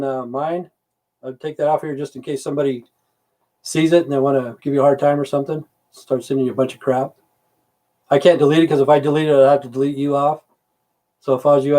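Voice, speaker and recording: On a casual livestream, a middle-aged man responds to comments from viewers in a fairly high-pitched, dark voice. His talk wanders, includes swearing, and he keeps losing track of what he was saying.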